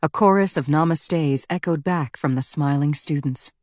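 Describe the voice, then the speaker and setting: Brief: female audiobook narrator, low voice, dry close studio sound, measured reading. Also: darkish tone, no echo.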